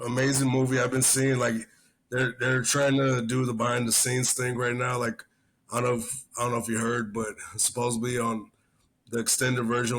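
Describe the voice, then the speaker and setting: A man co-hosting a casual podcast, talking in a profane, rambling, animated way and telling stories. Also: mid-range voice. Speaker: podcast co-host. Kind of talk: casual chat.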